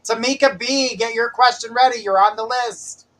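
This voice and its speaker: Bright-voiced man hosting a live stream. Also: very high voice, steady tone, normal speed, poor audio. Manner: calls out viewer names from a list, jokes about mispronouncing them. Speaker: host of live psychic readings. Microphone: live-stream mic with glitches.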